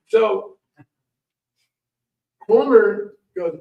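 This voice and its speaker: A middle-aged man giving a talk at a library, telling a rambling personal story in an animated way and acting out the people in it. The recording is dull and echoey, taken from a distant mic. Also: high-pitched, normal speed, long pauses. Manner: animated, rambling, acts out voices. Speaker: guest speaker. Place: library event room.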